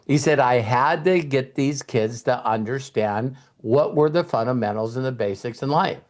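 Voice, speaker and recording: This middle-aged host and mentor has a mid-range voice and a moderate pace. In his motivational talk he shares stories, performs quoted voices, and drops in a bit of casual swearing.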